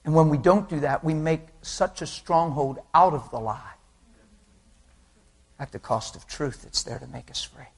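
A male preacher delivers a sermon in a slightly raised, husky voice. He tells his story with animation, dropping into quoted voices and laughing along with his listeners. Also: a little high, measured pace. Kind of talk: sermon with acted anecdotes.

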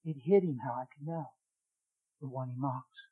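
A middle-aged man preaching, telling a testimony in a dramatic way that swings from loud exclaiming to a hushed near-whisper. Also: medium pitch, moderate pace, husky, phone-quality sound. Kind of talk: sermon testimony storytelling.

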